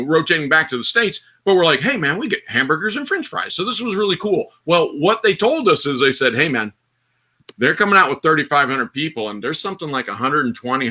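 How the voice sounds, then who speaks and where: A livestream host with a slightly high, pushed, bright voice chats casually on a panel. He spins a long, rambling anecdote full of restarts, acted-out quotes, and laughter.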